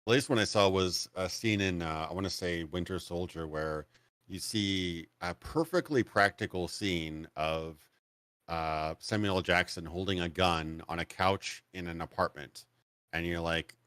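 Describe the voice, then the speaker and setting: A man with a low voice in easygoing podcast chat, recorded dry and close. He laughs often and trails into fillers as he thinks. He sounds like a relaxed co-host. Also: a little slow, clean tone, no echo. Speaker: streamer co-host.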